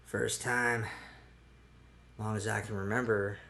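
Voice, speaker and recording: A man voicing a weary male soldier with a slight Southern accent, reading a quiet confession slowly and haltingly. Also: lowish voice, flat delivery, vocal fry, heavily acted. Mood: quiet, scared. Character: weary male soldier, done with war and scared.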